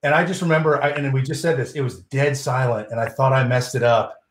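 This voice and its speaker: A man's voice: medium pitch, steady tone, fast talker. Man, late 30s, magician, self-mocking storyteller; echoey room with faint noise. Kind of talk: casual chat.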